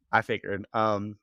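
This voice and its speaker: A man's voice: on the low side, a bit bright, no room sound. A man co-hosting a podcast, giving a loose, rambling recap full of "like" and casual swearing, laughing often. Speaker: podcast co-host recapping episodes.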